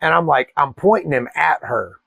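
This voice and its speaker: A man, telling a wild personal story in a profane, animated way. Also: fairly high pitch, normal speed, creaky, no echo. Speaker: cigar channel host. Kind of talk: casual storytelling.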